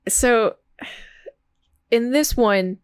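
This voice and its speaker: A young woman co-hosting a movie podcast in casual chat, talking with fillers, laughing often, and slowing down to explain. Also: on the high side, smooth, no echo. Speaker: podcast co-host.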